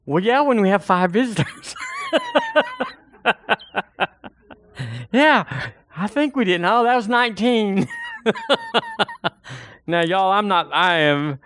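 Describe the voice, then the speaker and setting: A man's voice: a little high, a bit bright, dry recording, studio quality. A man preaching a sermon as pastor, folksy and full of rhetorical questions.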